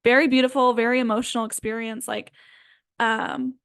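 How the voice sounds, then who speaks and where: A woman energy healer talks softly and loosely, filling her sentences with "um" and "like" as she guides her listeners. Her voice sits a little high. The sound is close and dry, with no room around it. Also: fairly even intonation, normal speed, no echo. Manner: gentle, rambling, many fillers. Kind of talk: casual spiritual guidance talk.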